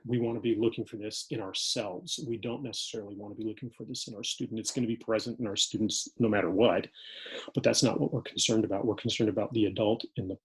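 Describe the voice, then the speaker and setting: A man leading an educator training in a calm, measured way, now and then acting out what students say. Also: lowish voice, breathy edge, low-quality recording. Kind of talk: online training talk.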